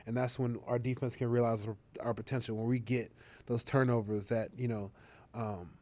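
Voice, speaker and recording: A man's voice: mid-range voice, level tone, normal speed, darkish tone. A young man, a football player, talking casually in an interview, rambling with fillers and restarts and laughing easily.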